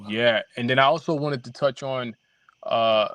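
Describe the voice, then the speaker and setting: A man guest on a podcast, telling his story haltingly with many fillers and restarts. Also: medium pitch, fairly bright tone, no room sound. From New York. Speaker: documentary filmmaker guest. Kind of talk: casual podcast interview.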